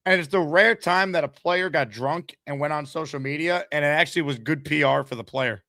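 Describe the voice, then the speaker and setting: Hyped New sports host. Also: male voice, a little high, vocal fry, no echo, clean studio sound. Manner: energetic, hyped, fast promo reads. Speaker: sports talk show host. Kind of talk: live call-in sports show.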